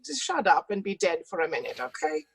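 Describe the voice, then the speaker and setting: A woman's voice: fairly low pitch, big pitch swings, brisk, breathy edge. A woman hosting a streamed cabaret, introducing the next act in a playful, teasing, flirtatious manner. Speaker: host.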